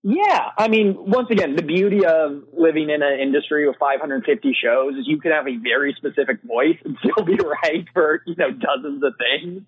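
Man, husky voice, phone-like sound, dry, casual fillers, interview guest. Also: fairly high pitch, normal speed, hardly any pauses, no echo. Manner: casual, many fillers like "you know" and "like". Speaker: literary manager. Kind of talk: podcast interview answers.

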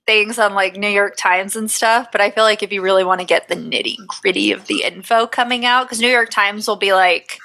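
A woman's voice: medium pitch, fairly even intonation, fairly quick, creaky, hardly any pauses, pushed and bright, rough recording. A woman co-hosting a casual podcast, reading her research notes aloud with profane, jokey asides. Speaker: podcast co-host.

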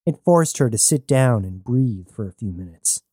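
A man narrating a sci-fi story in steady scripted storytelling. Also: mid-range voice, normal speed, slightly rough, no echo, clean studio sound. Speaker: audiobook narrator.

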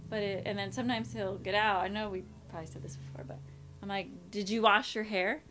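A woman's voice: medium pitch, steady tone, brisk, a bit bright. A woman, a mother telling exasperated stories about her kids in casual chat.

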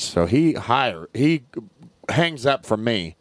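A man tells a story on a casual chat show with a dry, wry wit. His voice sits on the low side and sounds close and dry, with no echo. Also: lively intonation, slow pace. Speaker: podcast co-host.

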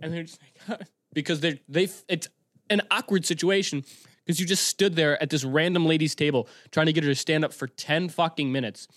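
A male podcast host telling a rambling, self-mocking story at home, swearing freely and breaking into loud yelled impressions. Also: steady tone, brisk, no echo, studio quality. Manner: bursts into loud high-pitched yelling for impressions. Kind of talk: casual solo storytelling. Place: home room.

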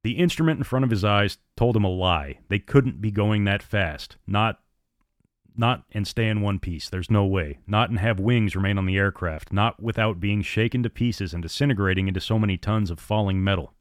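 A man narrating an audiobook with steady, dramatic storytelling. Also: on the low side, normal speed, dry recording, clean studio sound.

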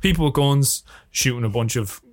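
An Irish man, a filmmaker guest on a podcast, chatting casually and telling animated stories with plenty of swearing. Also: medium pitch, normal speed. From Ireland. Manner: swears freely, animated storytelling. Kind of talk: casual chat.

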